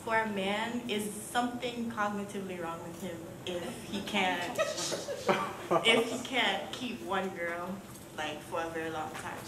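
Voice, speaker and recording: A woman's voice: mid-range voice, measured pace. Woman in the crowd asking a question, hesitant, far off in an echoey hall, lots of crowd noise. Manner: hesitant, laughing softly. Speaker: audience member asking a question.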